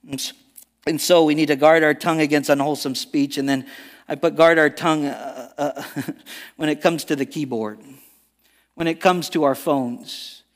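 Male pastor with a raised pitch, emphatic preaching sermon style, recorded with long church-hall reverb. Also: fairly even intonation, moderate pace. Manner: earnest preaching with emphatic stresses and frequent restarts. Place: church sanctuary.

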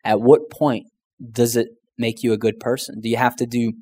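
A pastor with a drawl tells his testimony in an earnest, conversational way, and he often says "man" and "you know." His voice sits in a middle male pitch. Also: flat delivery, normal speed, warm tone. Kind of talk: storytelling testimony.

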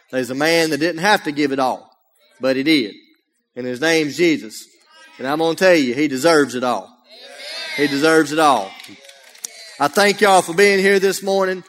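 A man's voice: fairly high pitch, fairly bright tone. A man from Alabama with a Southern accent, preaching a folksy, humorous sermon as a guest speaker, often raising his voice. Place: church sanctuary. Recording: long church reverb.

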